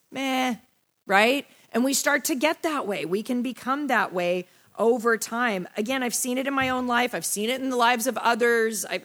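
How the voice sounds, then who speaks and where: A woman's voice: on the high side, a bit bright. A young woman teaching a Bible study lesson in a casual, conversational way, often checking in with her listeners. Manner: conversational, frequent "right?" and "you know".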